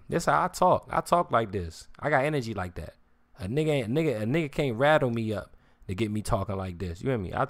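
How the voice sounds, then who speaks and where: Ranting heatedly on his stream, a man swears, confronts his listeners, repeats himself and keeps pressing them with "you hear me." His voice is mid-range and a bit bright.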